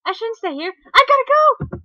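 A woman's voice: extremely high pitch, moderate pace, fairly bright tone, dry recording, muffled recording. A woman reading aloud the lines of a cheerful, lazy young man who is always late. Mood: hurried. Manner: reading game dialogue aloud, breezy.

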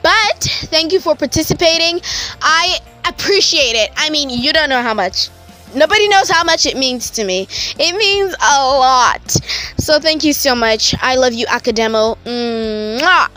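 High, bright-voiced young woman vlogger. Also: animated, moderate pace, soft background music. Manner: gushing, affectionate, emotional. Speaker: YouTuber. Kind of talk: casual vlog shout-out.

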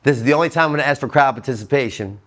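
Blunt, profane man giving a recovery talk. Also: racing. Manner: blunt, profane, emphatic with sudden swings in pitch and loudness. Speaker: motivational speaker. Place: treatment center talk.

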